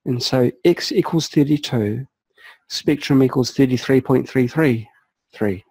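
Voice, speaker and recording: Calm man walking through software steps. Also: mid-range voice, breathy edge, dry recording, low-quality recording. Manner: calm, methodical, narrates each click. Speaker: software tutorial presenter. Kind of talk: screen-recorded software walkthrough.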